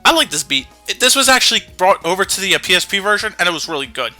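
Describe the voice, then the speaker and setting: A man's voice: high voice, sing-song, very fast, sharp tone, faint music behind. A man commenting casually on a video game he plays, joking, swearing and explaining game mechanics. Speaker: let's play commentator.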